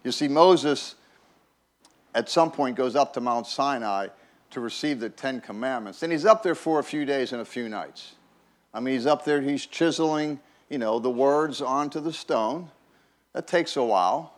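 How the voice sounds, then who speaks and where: A man's voice: mid-range voice, normal speed. A man preaching a conversational sermon as a pastor, folksy and chatty, often repeating words and checking in with "right?".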